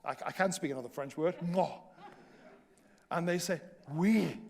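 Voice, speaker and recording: A man preaching in a church, telling a self-mocking travel story with lively humor. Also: a little high, quick pace. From Wales. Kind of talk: storytelling sermon. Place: church hall.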